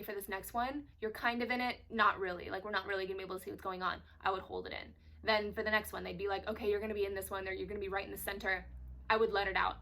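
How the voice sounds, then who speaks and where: A young adult woman, an actress, telling candid stories in a casual, expressive way for a vlog. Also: medium pitch. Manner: casual, expressive storytelling with swearing.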